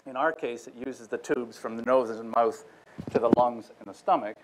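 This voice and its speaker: Guy giving a tech talk, explaining calmly, sometimes sings out vowels to show stuff. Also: medium pitch, normal speed, noisy background. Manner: explanatory, demonstrates vowel sounds with his own voice. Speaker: lecturer. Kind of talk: technical lecture. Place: lecture room.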